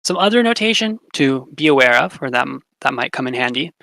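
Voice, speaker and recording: A young man with a bright, clear-edged voice gives a relaxed class explanation full of fillers. He slows down to repeat example words carefully. The recording is dry and close, with no room sound. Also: mid-range voice, no room sound, poor audio. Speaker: language teacher.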